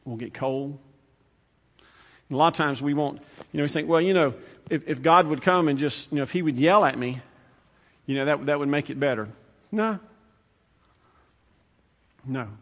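A male preacher giving a sermon, conversational and repetitive, swinging from loud, fast bursts to hushed, slow lines. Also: a little high. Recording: long hall reverb.

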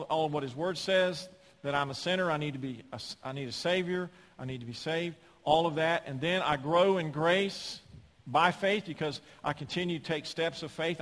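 A man preaching a sermon in a church, emphatic, with folksy humor and loud peaks on key words. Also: a little high. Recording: long hall reverb.

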